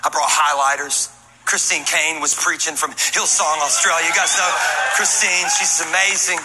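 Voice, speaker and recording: A male pastor delivers a lively, joking sermon in a high voice. His words ring through a large church hall with a long echo. Music plays clearly behind him. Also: normal speed, over a noisy crowd. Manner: humorous, energetic storytelling, sometimes shouting.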